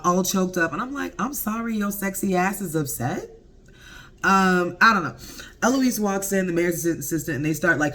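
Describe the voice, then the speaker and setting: A man giving a casual, profane episode recap, animated and laughing often. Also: fairly high pitch. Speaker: TV show reviewer.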